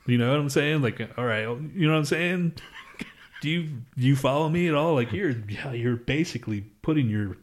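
Talking a little fast in a mid-range voice, a young podcast co-host swaps loose, profane stories in casual chat, laughing frequently.

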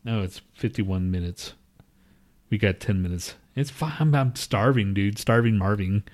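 A man's voice: fairly low pitch, moderate pace. A man co-hosting a podcast, swearing and laughing through casual banter. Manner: laughing, swearing, lively teasing. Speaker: podcast co-host.

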